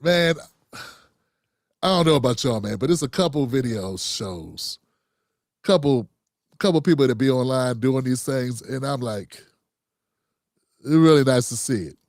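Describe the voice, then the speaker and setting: A man's voice: medium pitch, animated, measured pace, long pauses, a little mellow, no echo, studio quality. A middle-aged man hosts a casual livestream commentary show in a loose, conversational way, calling his viewers fam.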